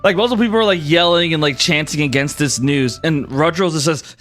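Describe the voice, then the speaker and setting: A man narrating as game master of a tabletop game, telling it in an animated, dramatic way. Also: a little high, brisk, hardly any pauses, no echo, soft background music.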